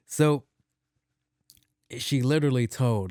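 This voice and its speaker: A man hosting a podcast, telling a story in a casual monologue, animated, slangy and profane. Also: mid-range voice, measured pace, dry recording, clean studio sound. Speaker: podcast host.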